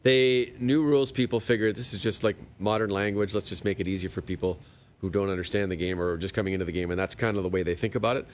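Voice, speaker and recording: A man's voice: fairly low pitch, quick pace. A man co-hosting a golf talk radio show, speaking in a dry, teasing, matter-of-fact way.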